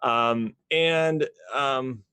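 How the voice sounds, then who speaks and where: A man's voice: mid-range voice, drawn-out words, bright, forceful tone, clear, resonant tone, no room sound. A man playing a character in a tabletop game, rambling with many hesitant fillers. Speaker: player.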